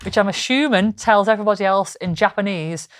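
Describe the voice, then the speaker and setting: A woman's voice: medium pitch, brisk. Chatty woman co-hosting a podcast. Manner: chatty, describes images for listeners. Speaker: podcast co-host. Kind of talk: casual comedic chat.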